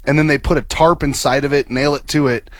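A man co-hosting a radio show, telling a story excitedly, laughing and acting out what people said. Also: mid-range voice, a little fast, no echo. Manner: excitable, laughs, acts out quotes. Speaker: radio co-host. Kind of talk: animated storytelling on air. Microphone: studio microphone.

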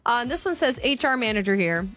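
A woman's voice: on the high side, sing-song, fast talker, a bit bright, soft background music. A woman co-hosting a chat show, reading listener comments and giving blunt opinions. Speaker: radio co-host.

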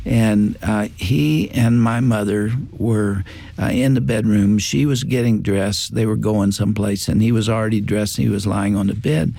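Gravelly, warm-voiced older man telling a story. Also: fairly low pitch, fairly even intonation, no echo. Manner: slow, reflective, with fillers and quoted dialogue. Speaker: guest. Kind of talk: personal storytelling in a faith talk.

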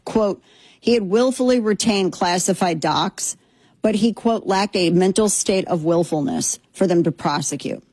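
A woman's voice: medium pitch, a little slow, a little mellow, husky, no room sound. A woman hosting a political talk show, delivering a sarcastic, indignant monologue. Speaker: political commentary host.

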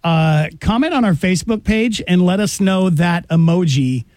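A man's voice: high voice, lively intonation, normal speed, a little mellow, no room sound. A man hosting a radio show, chatting casually and teasing his co-host with playful questions. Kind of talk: casual on-air chat. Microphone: studio microphone.

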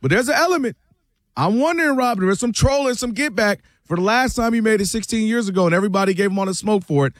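A man arguing his case on a sports talk show, with a high-pitched voice. He makes emphatic, speculative points and slips into other people's voices for quotes. The sound is close and dry, with no room echo. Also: animated, fast talker. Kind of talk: animated sports debate.

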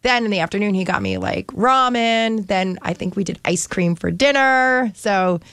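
A woman's voice: mid-range voice, big pitch swings, normal speed, a bit bright, clean tone, dry recording. A woman from New Jersey, co-host on a radio talk show, telling stories in a chatty, giggly way full of fillers like "like" and "um". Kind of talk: casual chat.

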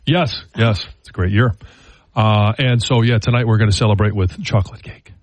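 A man's voice: lowish voice, moderate pace, dry recording. A man co-hosting a radio sports show, trading casual, joking banter about food with his co-hosts. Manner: easygoing, joking, plainspoken.

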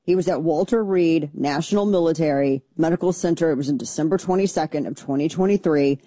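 Woman talk radio host, middle-aged, combative and sarcastic; low, mellow voice, dry studio sound. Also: fairly quick, no room sound. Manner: blunt, combative, sarcastic, mocking mimicry of opponents. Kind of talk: opinionated political talk radio.

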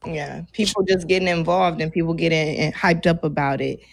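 A woman's voice: sits low, steady tone, creaky, no echo. A woman co-hosting a casual radio talk show, playful and teasing. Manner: playful, teasing, quick bursts. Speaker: radio co-host. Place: radio studio. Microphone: studio microphone. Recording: dry close studio sound.

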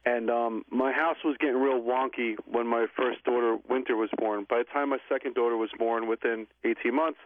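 A man co-hosting a talk show, telling a story in a quick, relaxed way. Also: medium pitch, slight background noise. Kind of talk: casual chat. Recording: dry, phone-like sound.

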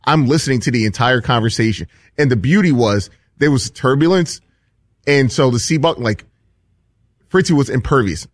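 A man's voice: medium pitch, animated, moderate pace, no room sound, clean studio sound. A man on a radio talk show telling a gossipy story in casual chat.

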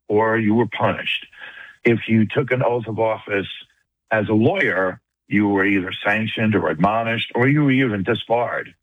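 A retired man with a New York accent, calling in to a talk radio show and making a fast, earnest argument. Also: fairly low pitch, breathy edge, no room sound. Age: older. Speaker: caller. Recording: dry tinny phone line.

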